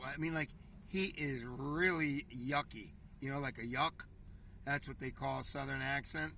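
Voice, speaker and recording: A man's voice: medium pitch, unhurried, creaky, sharp tone, distant mic, a little hiss or hum. A man hosting a casual commentary show, reading news headlines aloud and riffing on them in a rambling, conversational way, often calling his viewers folks.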